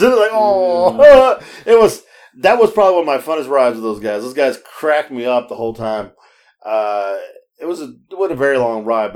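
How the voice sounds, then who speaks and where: A man telling stories in casual chat on a podcast. He laughs often, swears freely and acts out the voices of the people he quotes. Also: mid-range voice. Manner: animated, laughing storyteller with frequent restarts. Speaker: podcast co-host.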